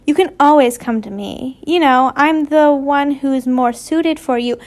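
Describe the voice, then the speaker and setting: A woman's voice: high voice, unhurried. A woman voicing a cocky, pushy teenage boy wizard in a read-aloud story, teasing and smug.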